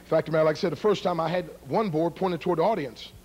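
A man's voice: a little high, rapid-fire, a little mellow, husky. A middle-aged man, an evangelist, joking and teasing a live church audience before a karate demonstration. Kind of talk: humorous sermon introduction to a live congregation.

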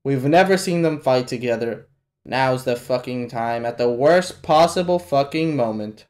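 A man reacting live to an anime episode, talking in an unhurried, drawn-out way. His casual, slangy commentary is full of swearing and breaks into sudden loud outbursts. His voice sits at a middling pitch. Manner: profane, excitable, bursts into loud exclamations; casual slangy talk to the viewer. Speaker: reaction channel host.

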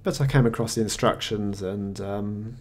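Working at his desktop computer mic, a man reviews software in a screencast, talking in a down-to-earth, conversational tone broken by small pauses and hesitations. His voice is lowish, and there's a slight hiss or hum on the recording.

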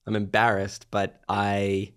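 A man's voice: lowish voice, monotone, slow pace, a bit bright, clean tone. A young man, chatting as a podcast guest and sheepishly confessing, with frequent laughter. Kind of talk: casual chat.

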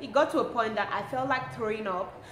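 A young woman, telling a personal story to her vlog audience in a lively, expressive way and laughing often. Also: fairly high pitch, fairly quick. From Cameroon. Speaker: lifestyle vlogger. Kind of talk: casual storytelling to camera. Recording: roomy with faint ambient noise.

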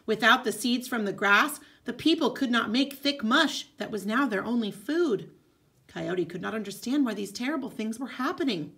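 A woman teacher reading a folk tale aloud, expressive, with casual asides. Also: on the high side, moderate pace, creaky. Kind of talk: storybook read-aloud.

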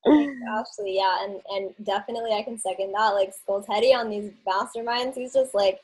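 A woman's voice: medium pitch, brisk, darkish tone, breathy edge, poor audio. A woman hosting a team call, giving a casual, encouraging pep talk full of fillers.

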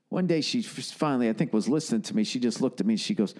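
A man's voice: medium pitch, racing, hardly any pauses, a little mellow. A man hosting a podcast, delivering a rambling, profane comedic monologue. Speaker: podcast host.

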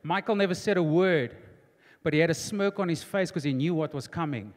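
A man, preaching a sermon as pastor in a large church auditorium, emphatic and repetitive, building to near-shouting. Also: sits high, fairly quick. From South Africa. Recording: long hall reverb in church auditorium.

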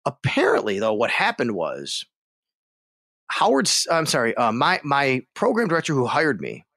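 This sports radio host, guesting on a podcast, has a mid-range voice and speaks at normal speed. He tells his story animatedly, acting out the other voices, in a dry, clean studio recording.

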